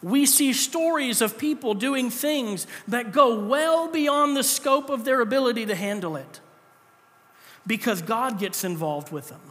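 A man's voice: very high-pitched, a little slow, a bit bright, long reverb tail. A man preaching a sermon as pastor, conversational and joking between scripture readings.

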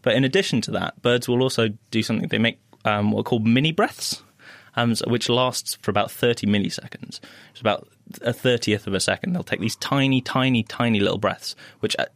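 A man's voice: mid-range voice, fairly quick, creaky, dry recording, studio quality. A man in his fifties, a guest on a science panel show, explaining how things work with small restarts.

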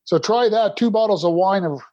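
A man's voice: high-pitched, brisk, warm tone, no echo, highs cut off. A middle-aged man from Canada, a podcast guest, telling his recovery story candidly in a rambling way, restarting his sentences often.

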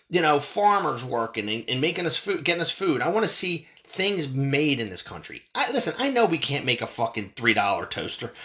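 A man's voice: medium pitch, pushed and bright. A man ranting about politics and prices in a fired-up, swearing monologue as a podcast host. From United States. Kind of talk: profane political rant.

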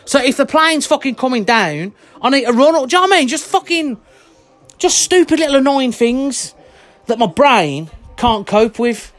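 High-voiced ranter, swearing nonstop. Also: big pitch swings, moderate pace, soft background music. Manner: swears constantly, heated and blunt. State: worked up and sweating. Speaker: vlogger. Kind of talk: angry monologue rant.

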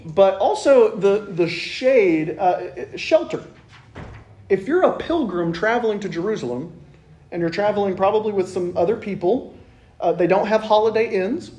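High-voiced man preaching a joking sermon. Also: unhurried, a little mellow. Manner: conversational and joking, with wry asides. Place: church sanctuary. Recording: echoey church room.

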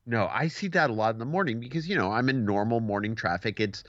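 A man's voice: mid-range voice, fast talker, no room sound. A man in casual podcast chat, telling stories with lots of swearing and acting out what other people said. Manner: animated storyteller, acts out quoted people, swears casually. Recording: dull lo-fi dry sound.

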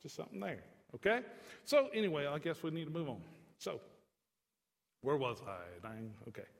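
A man preaching a sermon in a folksy, joking way, swinging from soft to emphatic. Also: fairly high pitch, huge pitch swings, moderate pace, in a large hall. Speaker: pastor.

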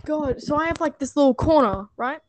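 High-voiced young man. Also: a little fast, noisy background. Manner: joking, teasing, laughing, swearing. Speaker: podcast co-host. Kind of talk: casual chat.

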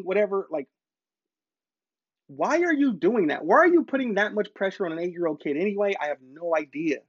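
A man's voice: high voice, animated, brisk, husky, no echo. Emphatic man venting, dry dull sound. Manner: emphatic, repeats points for stress. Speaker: parent vlogger. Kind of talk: casual monologue to camera.

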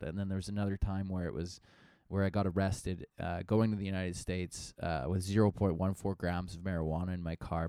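A man's voice: deep voice, mellow, clean tone, dry recording, clean studio sound. A young man, a comedian, rambling through a profane, casual podcast monologue full of fillers.

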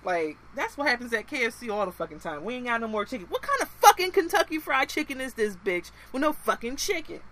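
Animated, cursing woman podcaster. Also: high-pitched, brisk, hardly any pauses. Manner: profane, animated and blunt. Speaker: podcast co-host. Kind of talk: casual podcast rant.

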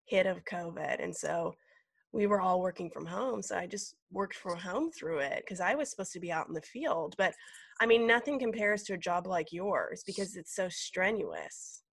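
A woman host chats in a candid, casual way and swears freely. Her pitch swings widely as she talks. She sounds close and dry. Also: animated, moderate pace, creaky, slightly rough, no echo. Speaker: podcast host. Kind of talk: casual chat.

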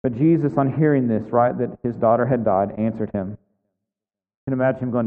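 A man's voice: medium pitch, steady tone, fairly quick. Man preaching in an echoing hall. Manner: earnest, conversational, with acted quotes and repeated questions. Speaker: pastor. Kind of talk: sermon. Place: church sanctuary. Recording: phone-like sound in a reverberant hall.

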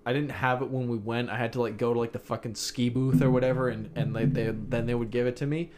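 A man's voice: mid-range voice, fairly even intonation, fast talker, darkish tone, slight background noise. A young man co-hosting a podcast in crude, joking banter full of swearing and filler. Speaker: podcast co-host. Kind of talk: casual chat.

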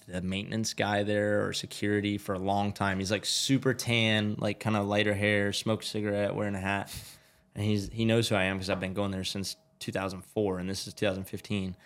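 Young american guy, low voice, swears a lot and acts out the quotes, podcast story. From United States. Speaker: podcast guest, motorcycle racer. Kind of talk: casual storytelling.

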